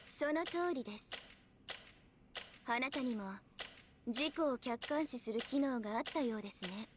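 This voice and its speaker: A woman's voice: high-pitched, quick pace, noisy background, close to an everyday voice. An actress playing a cold, mocking female AI in a game, polite but condescending. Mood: coolly mocking. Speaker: game character voice. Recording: game voice over loud music.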